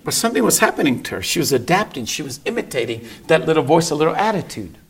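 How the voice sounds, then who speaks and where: A man's voice: on the high side, big pitch swings, fast. A middle-aged man preaching a sermon, telling a family story and acting out the voices of his family. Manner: storytelling, acts out family dialogue.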